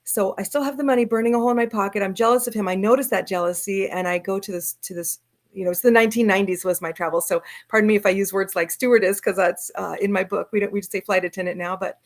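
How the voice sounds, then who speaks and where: A middle-aged woman from Southern California, a guest telling her travel stories in lively fashion over a video call. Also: medium pitch, fast. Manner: lively storyteller acting out quoted voices. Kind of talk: storytelling in an interview.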